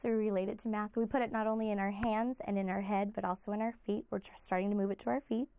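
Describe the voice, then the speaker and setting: In a steady, mid-pitched voice that barely rises or falls, a woman music teacher explains her classes. She talks in an earnest, explaining way, as in an interview. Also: fast.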